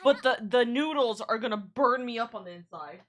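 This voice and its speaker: Speaking at a moderate pace in a fairly high, animated voice, a woman VTuber streams live and chats casually. She reads out messages from chat and thanks people, often breaking off into tangents.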